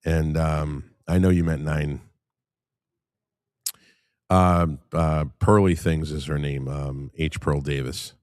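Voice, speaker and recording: A man with a very deep, steady, darkish voice hosts a live stream, telling loose, rambling, profane stories to his viewers in a casual chat. He speaks slowly with frequent pauses, captured on a streaming microphone with studio quality and no room sound.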